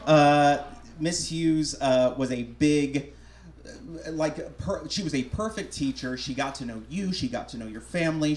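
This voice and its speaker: A man's voice: medium pitch, darkish tone. A young man from Alabama hosting a live storytelling show on a small theater stage, chatty and joking at his own expense. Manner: chatty, self-deprecating, joking. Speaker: host. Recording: roomy live theater sound.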